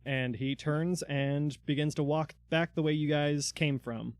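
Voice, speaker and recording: A man's voice: on the high side, steady tone, unhurried, dry recording. A man narrating a tabletop game as dungeon master, in loose narration full of fillers.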